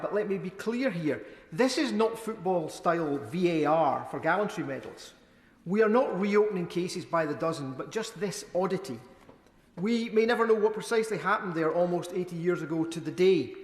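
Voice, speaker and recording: Brief: male MP, fairly high voice, wry measured oratory, echoey chamber with long reverb. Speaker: member of parliament. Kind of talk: parliamentary debate speech. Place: debating chamber.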